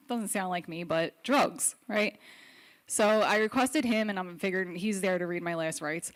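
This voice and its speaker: A woman's voice: on the low side, normal speed. A young adult woman telling a personal story on stage at a live storytelling event, candid and wry, with self-deprecating humor.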